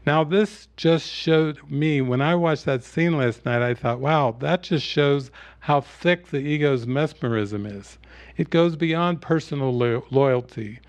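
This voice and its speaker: A man giving a spiritual teaching talk at an online retreat, retelling a film scene in a relaxed storytelling way. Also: on the high side, unhurried, no room sound.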